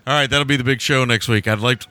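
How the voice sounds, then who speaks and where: A man's voice: medium pitch, steady tone, fast, pushed and bright, dry recording. A man and father co-hosting a film podcast, chatty and self-mocking with frequent laughs. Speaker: podcast co-host, a parent. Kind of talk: casual film podcast chat.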